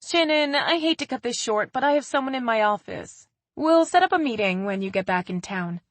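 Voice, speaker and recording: A woman's voice: fairly high pitch, animated, a little fast, no room sound, voice pushed up, close to an everyday voice. A woman reading the lines of a playful, cheerful young professional woman in a romance story. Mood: businesslike. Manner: cheerful, playful, soft at times.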